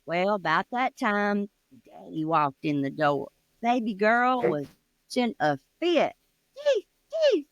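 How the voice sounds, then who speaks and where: A woman's voice: expressive, takes it slowly, dry recording. Woman spinning a ghost tale. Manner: dramatic storytelling, drops pitch for spooky parts. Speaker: co-host, storyteller. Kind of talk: telling a ghost story aloud.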